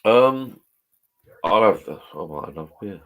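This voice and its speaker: Middle-aged man, very low voice, rambling live chat, swears a lot. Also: animated, normal speed, fairly bright tone. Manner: swears freely, rambling and chatty. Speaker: vlogger chatting with live viewers. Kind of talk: casual live-stream chat. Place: home garden bar shed.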